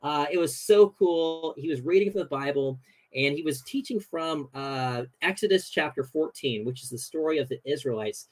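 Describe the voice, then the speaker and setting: A young man, a guest on a podcast, telling a story in a casual, animated way with lots of fillers. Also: a little high, normal speed, poor audio.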